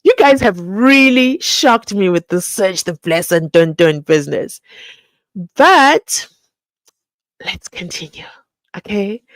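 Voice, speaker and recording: A young South African woman hosting a live entertainment commentary stream, expressive and chatty, with sudden exclamations as she reads through viewer comments. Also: mid-range voice, takes it slowly, long pauses, dry recording.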